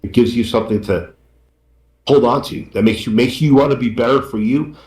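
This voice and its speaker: In an echoey room, a male guest author gives an emotional interview, his medium-pitched, darkish voice brisk. Earnest and grateful, he keeps repeating himself and is tearing up.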